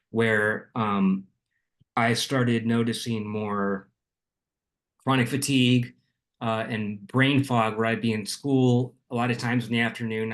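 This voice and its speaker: A young man from Arizona, a music producer guest, explaining his background in a measured, steady way with frequent ums. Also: mid-range voice. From Arizona, USA. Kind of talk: casual interview.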